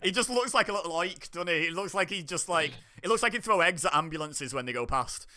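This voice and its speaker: A man's voice: high voice, lively intonation, fast talker, pushed and bright. A British man hosting a casual chat over a call, rambling and laughing often. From United Kingdom. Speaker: host.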